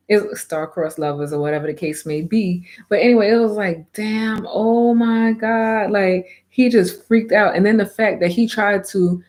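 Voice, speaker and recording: A woman reviews an anime in a casual vlog. She is animated and emphatic and drops slang freely. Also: medium pitch.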